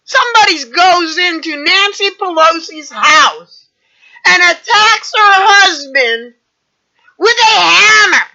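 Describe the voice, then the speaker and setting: A woman vlogger delivering an angry, indignant rant full of swearing, shouting at times. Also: extremely high pitch, lively intonation, slow pace, creaky. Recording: dull lo-fi recording.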